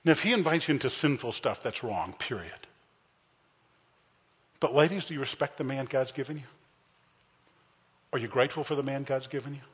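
A man's voice: medium pitch, a little fast, long pauses, breathy edge. A male pastor preaching a humorous sermon, teasing and calling out to his congregation. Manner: playful, teasing, addresses the congregation directly. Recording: dull, echoey church sanctuary recording.

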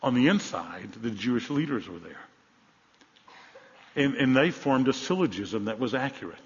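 A male pastor preaching a sermon, telling a story with animated emphasis and dropping to quiet, soft moments. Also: mid-range voice, moderate pace. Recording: dull sound in a large reverberant hall.

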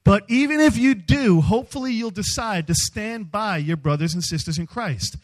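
A man speaking as a youth speaker, giving a humorous storytelling sermon in an animated, self-mocking way. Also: high-pitched, normal speed, low-quality recording.

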